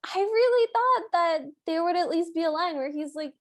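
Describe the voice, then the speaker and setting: A woman's voice: very high-pitched, expressive, normal speed, hardly any pauses. A woman co-hosting a podcast, casually discussing a film and laughing easily. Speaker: podcast co-host. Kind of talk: casual movie recap chat.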